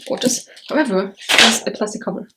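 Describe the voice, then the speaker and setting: Woman book vlogger, mid-pitched, loose and rambly, talks straight to camera with blunt takes. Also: brisk, heavy background noise. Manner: chatty and rambling, blunt opinions, frequent fillers. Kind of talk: casual chat to camera.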